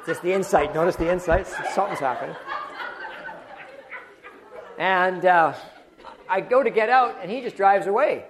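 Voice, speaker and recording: A man preaching a sermon and telling a personal story, moving between loud exclamations and quiet murmurs. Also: sits high, moderate pace, a crowd in the background. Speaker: pastor.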